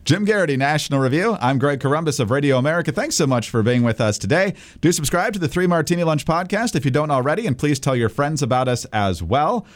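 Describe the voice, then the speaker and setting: A man's voice: a little high, animated, fast, hardly any pauses. A man co-hosting a political podcast, commenting in a wry, dismissive way and reading the show's sign-off. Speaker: podcast co-host.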